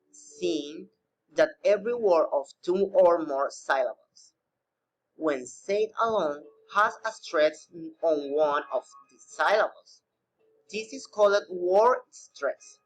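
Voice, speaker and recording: A man teaching a recorded English pronunciation lesson, reading slowly with non-native phrasing. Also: high-pitched, low-quality recording.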